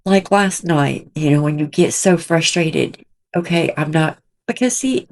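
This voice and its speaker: A woman's voice: low voice, measured pace. A middle-aged woman hosting a commentary channel, talking in an emotional, indignant, rambling way from a small room at home.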